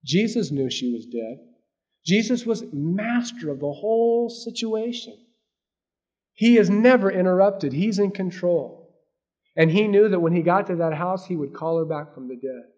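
A man's voice: sits high, expressive, moderate pace. Man preaching a sermon with dramatic swings. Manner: dynamic preaching, swinging between loud emphasis and hushed asides. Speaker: pastor.

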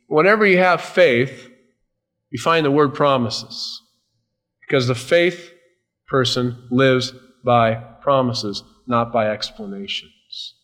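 A man preaching a sermon, emphatic and slowing down to stress key words. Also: mid-range voice, a bit bright. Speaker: pastor.

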